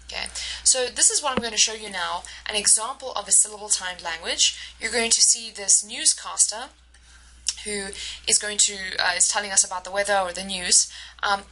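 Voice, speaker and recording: A woman teaches a recorded class in a bright, clear voice. She explains each point step by step, pausing now and then to find the right word. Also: medium pitch, low-quality recording. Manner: explains step by step, often pausing to search for words. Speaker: university instructor. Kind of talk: recorded lecture.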